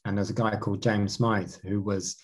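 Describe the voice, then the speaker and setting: Husky low-voiced guy telling race stories in an interview, lots of restarts. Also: moderate pace. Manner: animated, many restarts. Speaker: marathon canoe racer. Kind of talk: interview answers.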